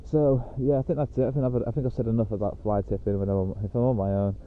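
Male podcast host, casual rambling talk outdoors, mid-pitch, phone-line tinny audio. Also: steady tone, quick pace, slight background noise. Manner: rambling and chatty, with many fillers. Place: outdoors on a dog walk.

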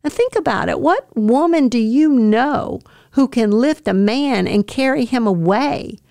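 A woman hosting a devotional podcast, reflecting earnestly and tenderly on scripture, with soft laughs now and then. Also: a little high, expressive, a little slow, vocal fry, dry recording, studio quality. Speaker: podcast host.

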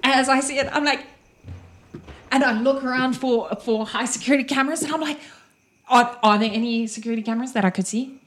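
A woman playing a tabletop game, excitable and acting out her character's thoughts. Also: high voice, a little fast. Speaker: player.

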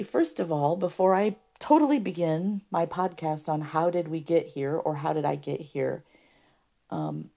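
A woman hosting a podcast, telling her own story unscripted and earnestly, with a rough voice from allergies and frequent throat clearing. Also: deep voice, dark tone. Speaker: podcast host. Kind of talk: personal testimony podcast.

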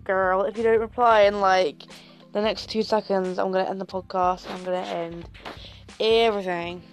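A woman's voice: medium pitch, fairly even intonation, normal speed, faint music behind. A young woman vlogging in a casual, sassy, camp way, full of swearing and dramatic outbursts. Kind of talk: casual livestream chat.

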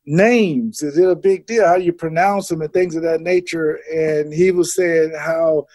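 Middle-aged guy telling stories on a podcast, pretty high voice, does the voices of people he quotes, dry close mic. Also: unhurried, no room sound. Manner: animated storyteller acting out quoted voices. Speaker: guest, former pro football player. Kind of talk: casual interview chat.

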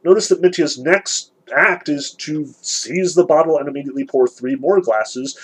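A man's voice: fairly high pitch, moderate pace, hardly any pauses, husky, low-quality recording. A man giving an earnest literature lecture, reading passages and analyzing them, emphatic with frequent restarts.

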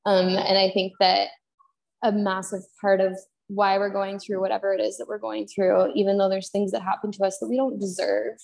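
A woman's voice: medium pitch, normal speed, vocal fry. A young woman from Canada, a podcast guest, telling her story candidly and heartfelt, acting out what she and others said. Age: young adult. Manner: heartfelt, quotes herself and others in lively re-enactments.

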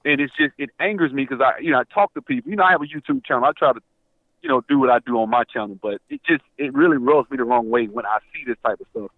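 A man's voice: mid-range voice, quick pace, no room sound. A man calling in to a talk show, agitated and stammering, repeating himself as he talks. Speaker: caller. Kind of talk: call-in show conversation. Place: Atlanta area. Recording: tinny phone line.

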